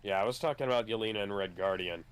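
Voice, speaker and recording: A laid-back man chatting during a game playthrough and riffing along with his friend. His voice is low and smooth, with a clean, resonant tone. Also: quick pace. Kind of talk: casual let's-play chat.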